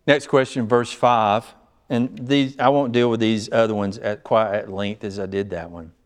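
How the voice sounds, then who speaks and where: A man's voice: lowish voice, fairly even intonation, normal speed, clean tone. A man pastor teaching a small-group Bible study, earnest and emphatic, often putting questions to the group.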